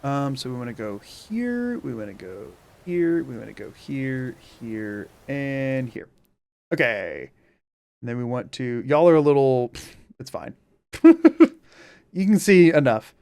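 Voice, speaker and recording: A man's voice: mid-range voice, animated, normal speed, creaky, darkish tone, smooth. A man streaming a game, chatting casually to viewers in a playful, rambling way full of repetitive wordplay. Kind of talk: casual live-stream chat.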